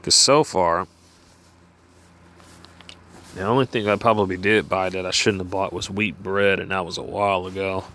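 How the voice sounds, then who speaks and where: A man reading food figures aloud and then wandering into loose, halting asides, full of "uh" and "you know". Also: deep voice, steady tone, bright, forceful tone. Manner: halting, many fillers and restarts when off script. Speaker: vlogger. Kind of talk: reading from a page and musing aloud.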